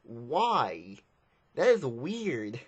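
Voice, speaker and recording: Male film reviewer, mid-pitched voice, loose rambling delivery, casual and unscripted. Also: wildly swooping pitch, drawn-out words, breathy edge. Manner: rambling, repeats himself, plain-spoken.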